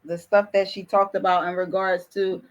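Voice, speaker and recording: A woman's voice: medium pitch, flat delivery, moderate pace, muffled recording. A woman hosting a talk show, asking questions and chiming in with short agreements. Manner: affirming, chimes in with short agreements. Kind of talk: conversational interviewing.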